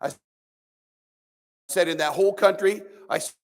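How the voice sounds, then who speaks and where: Male pastor, high voice, chatty preaching with sarcastic jabs, Sunday school sermon. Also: normal speed. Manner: preachy, conversational, with sarcastic asides.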